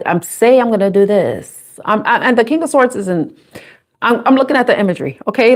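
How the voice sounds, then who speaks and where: A woman's voice: mid-range voice, a little mellow. A young adult woman doing a live intuitive tarot reading, chatty and casual, laughing often and swearing freely. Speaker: tarot reader.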